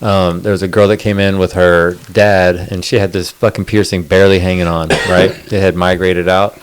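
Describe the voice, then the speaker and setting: A man's voice: deep voice, flat delivery, moderate pace, clear, resonant tone. A man co-hosting a podcast, telling a long story in casual chat, rambling and swearing, full of fillers. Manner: rambling, profane, lots of fillers. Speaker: podcast co-host.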